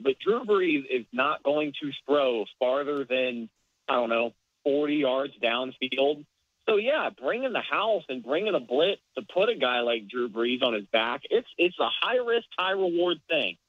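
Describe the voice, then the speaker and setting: A man's voice: medium pitch, dry recording. A man co-hosting a casual sports podcast, explaining plays in an analytical way. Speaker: podcast co-host. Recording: dull lo-fi dry sound.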